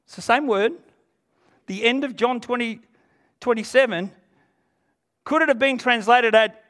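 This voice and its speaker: A man's voice: extremely high pitch, a little slow, long pauses, a bit bright. A man preaching a sermon to a congregation, earnest and emphatic, retelling scripture in everyday speech.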